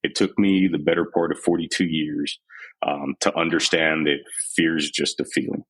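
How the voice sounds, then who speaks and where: A man's voice: a bass voice, steady tone, moderate pace, slightly rough, low-quality recording. A man in his forties from San Antonio, Texas, telling his life story frankly as a podcast guest. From San Antonio, Texas, USA. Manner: frank, unguarded, retells scenes in quoted voices. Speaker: podcast guest, army veteran. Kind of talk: candid storytelling interview.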